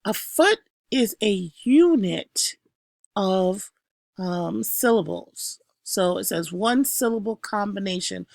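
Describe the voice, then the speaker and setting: A woman teacher recording a review lesson, calling out each term with emphasis and then explaining it slowly with the odd filler. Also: mid-range voice, vocal fry, no echo, studio quality. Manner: slow, explanatory, punches each new term.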